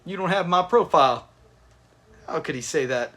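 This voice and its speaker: High, lively man reacting on a livestream. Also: normal speed. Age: adult with kids. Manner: chatty, laughs often, talks to viewers in chat. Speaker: livestream host. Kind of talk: live watch-party reaction commentary.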